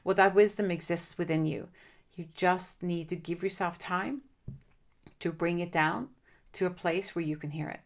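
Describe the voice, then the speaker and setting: A woman hosting a solo podcast, giving gentle, reassuring coaching advice directly to the listener. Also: on the low side, moderate pace. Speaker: podcast host and divorce coach.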